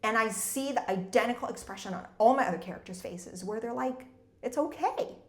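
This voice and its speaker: A woman's voice: fairly high pitch, a little fast, echoey room. Rambling woman telling a personal story. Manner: rambling, fills nearly every phrase with "like". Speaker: debut novelist and former corporate executive. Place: her home in Munich.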